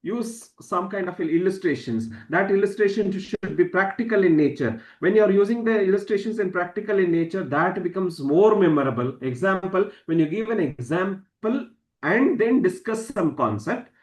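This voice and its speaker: A man's voice: animated, darkish tone. Emphatic man lecturing in an echoey room. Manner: emphatic, varies pitch and stress deliberately, repeats key words. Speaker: public speaking trainer. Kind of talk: online masterclass lecture. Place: online session from a room.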